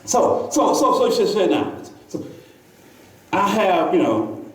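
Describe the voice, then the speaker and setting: A man's voice: sits high, sing-song, slow pace. A man preaching a sermon in a church, talking with the congregation and often repeating himself. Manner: conversational preaching, calls to the congregation, many repeats. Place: church sanctuary. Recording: echoey church from far off.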